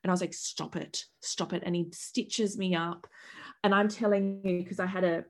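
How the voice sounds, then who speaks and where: A woman's voice: lowish voice, fairly even intonation, moderate pace, a little mellow. A woman in her thirties, a podcast guest, telling her story in a vivid, dramatic way with swearing and acted-out quotes. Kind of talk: candid storytelling chat.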